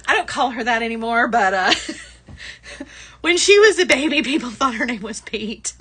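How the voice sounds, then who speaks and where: Bright, giggly woman hosting a live shop. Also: on the high side, slightly rough. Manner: chatty and giggly, laughs often. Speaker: livestream shopping host. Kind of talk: casual live product chat.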